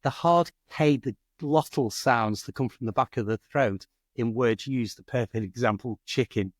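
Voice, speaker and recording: A man with a Liverpool Scouse accent, chatting as a guest and explaining things in a relaxed way. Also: medium pitch, normal speed, dry recording, clean studio sound. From Liverpool, England. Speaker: guest, English teacher. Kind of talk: casual chat.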